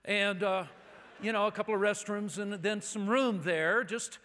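A man's voice: high voice, fairly even intonation, moderate pace, bright, forceful tone. A man preaching as a guest speaker, telling a story in a chatty, anecdotal way full of asides. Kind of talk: storytelling sermon. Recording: long hall reverb.

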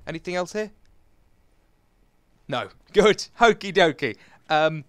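A man doing excitable, self-mocking commentary over a video game and talking straight to his viewers. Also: a little high, slow pace, clear, resonant tone, no echo, clean studio sound. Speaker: gameplay commentator. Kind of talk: let's play commentary.

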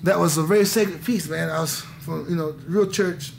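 Casting: man in his thirties, high and gravelly, rambling confessional interview on hissy old tape. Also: fairly even intonation, normal speed. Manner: rambling, intense, restarts often, says "man". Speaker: interviewee, musician. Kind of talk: candid conversation.

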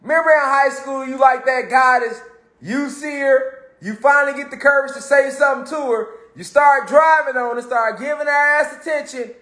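Animated high-voiced man, echoey room. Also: moderate pace. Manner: animated, swears freely, slangy, swings between loud and soft. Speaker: motivational speaker. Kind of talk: casual motivational talk. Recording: roomy echo.

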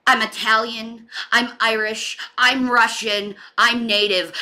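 High bright-voiced woman ranting angrily. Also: little pitch movement, slow pace, few pauses. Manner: heated, swearing, venting. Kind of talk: angry livestream rant.

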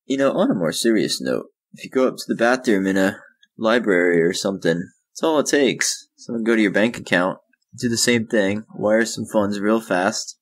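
A man's voice: fairly low pitch, normal speed. A man co-hosting a casual podcast, making dry, joking remarks and laughing. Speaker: podcast co-host. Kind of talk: casual chat.

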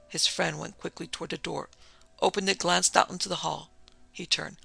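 A woman narrating a vintage mystery story in a steady, even storytelling manner. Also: on the low side, moderate pace, creaky, breathy edge. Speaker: podcast narrator.

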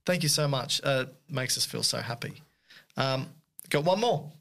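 This is a man chatting casually on a podcast. He teases his co-host and breaks off mid-email with quick jokey asides. His pitch sits in the ordinary middle range. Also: expressive, gravelly, a bit bright. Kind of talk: casual chat, reading listener emails aloud.

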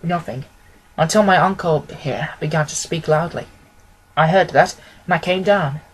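A man reading aloud who voices an earnest, grieving young woman pleading for her cousin in a husky voice. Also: fairly high pitch, moderate pace, low-quality recording. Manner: earnest, imploring.

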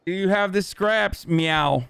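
A man's voice: high-pitched, slow pace, gravelly, a bit bright, clean tone, dry recording. A man in his thirties streaming a game roleplay, with loose, profane, joking banter.

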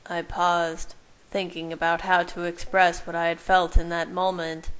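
A woman narrating a first-person fan fiction story in a soft, measured way. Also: fairly low pitch, little pitch movement, smooth, poor audio.

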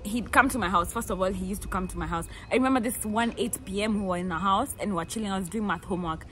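A Kenyan woman in her twenties, telling stories in a lively, playful way and acting out the people she quotes. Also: mid-range voice, fast, slight background noise. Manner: animated, playful, laughs often, acts out quotes. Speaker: vlogger. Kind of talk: casual storytelling.

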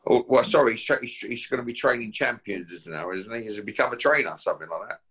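A man's voice: fairly low pitch, lively intonation, fast, a bit bright, husky. A man from Essex with an Essex accent, a guest boxer on a call, talking in a brash, taunting, swearing way. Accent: Essex English. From Essex, England. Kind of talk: casual call-out chat.

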